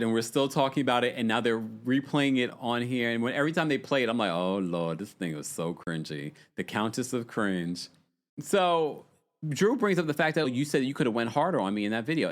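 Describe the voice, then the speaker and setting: A man hosting a live recap stream, chatting casually and reading viewer comments in a gossipy, animated way. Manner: animated, gossipy, yawning and laughing, swings between high exclamations and low asides.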